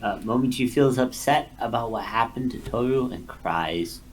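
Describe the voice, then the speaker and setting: A man's voice: medium pitch, expressive, moderate pace, slight background noise. A man summarizing anime scenes in a plain, matter-of-fact way during casual chat.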